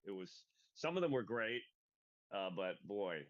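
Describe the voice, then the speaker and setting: A man's voice: lowish voice, sing-song, a little slow, no echo. Rambling man, dry lo-fi sound. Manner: rambling, with restarts and tangents. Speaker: comedian podcast co-host. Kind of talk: casual chat. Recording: dull lo-fi sound.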